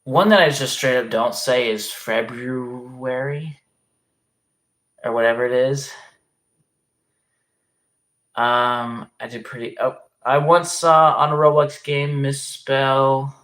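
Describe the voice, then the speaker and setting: A man's voice: mid-range voice, steady tone, unhurried, a bit bright. A man chatting casually on a livestream, reading comments aloud in a rambling, hesitant way and swearing often.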